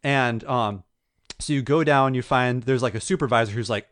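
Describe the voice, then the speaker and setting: A man co-hosting a gaming podcast, recounting a video game story in a rambling, animated way. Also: medium pitch, fairly quick, no echo, studio quality. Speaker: podcast co-host. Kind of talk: casual chat.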